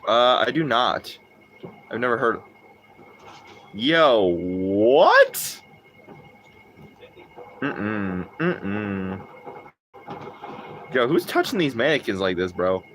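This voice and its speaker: Young male streamer, very expressive intonation, casual, crude, joking banter with chat. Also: mid-range voice, a little slow, long pauses, slight background noise. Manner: animated, profane, jokey, riffs off chat. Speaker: livestreamer. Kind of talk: casual gaming livestream chat.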